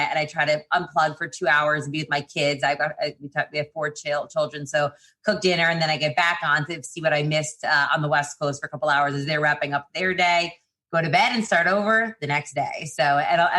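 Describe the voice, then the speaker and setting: A middle-aged woman with a low, deep voice talks through her working life as a podcast guest. She speaks in a quick, chatty way, full of fillers, restarts and asides. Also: fairly even intonation, sharp tone. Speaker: PR agency founder, guest. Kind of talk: casual interview talk.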